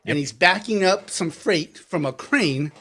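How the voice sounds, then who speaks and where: A man narrating as game master of a tabletop game, animated and quick to laugh, acting out characters. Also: high voice.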